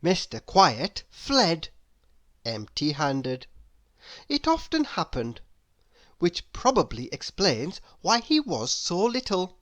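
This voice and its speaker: A woman reading a children's story aloud, expressive and asking the listener questions. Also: on the low side, takes it slowly.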